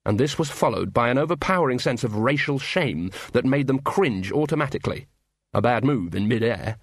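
A man's voice: medium pitch, animated, fairly quick, breathy edge, dry recording, studio quality. Man narrating a wry story. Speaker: audiobook narrator. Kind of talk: scripted narration.

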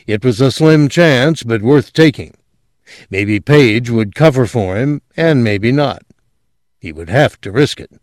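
A man giving a measured, deliberate scripted narration of a story. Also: mid-range voice, animated, no room sound, clean studio sound. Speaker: audiobook narrator.

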